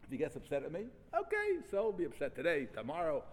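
A man teaching a Talmud class, reading passages and restating them in animated, repeated phrases. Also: fairly high pitch, fast, in a large hall. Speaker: Torah teacher.

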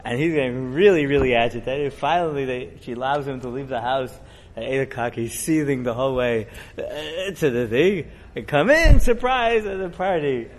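Conversational middle-aged rabbi telling stories. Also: male voice, mid-range voice, normal speed, few pauses, slight background noise. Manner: conversational, digressive, animated when telling the story. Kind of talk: storytelling sermon.

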